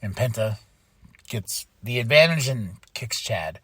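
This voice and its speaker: A man's voice: mid-range voice, lively intonation, unhurried, sharp tone, husky, no echo, studio quality. A man hosting a podcast, recapping wrestling in casual, profane chat and mimicking wrestlers as he goes. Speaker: podcast host.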